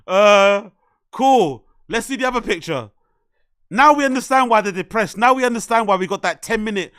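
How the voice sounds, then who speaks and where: High, bright-voiced man streaming. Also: normal speed, clear, resonant tone, no room sound, clean studio sound. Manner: excitable, swears heavily, laughs at own remarks. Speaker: streamer host. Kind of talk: live reaction stream.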